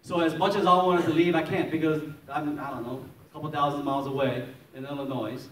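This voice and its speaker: A pastor from Maryland, USA, tells his testimony in a sermon, acting out scenes and laughing often in lively storytelling. His voice is fairly high and fairly quick, and the recording has roomy echo, a distant mic, and faint noise.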